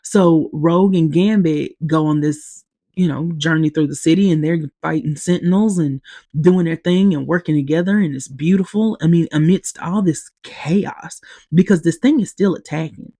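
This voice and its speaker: A woman hosting a podcast, casually recapping a TV episode, speaking haltingly with long pauses as she grows teary-eyed. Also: deep voice, dark tone, no echo, studio quality. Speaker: podcast host.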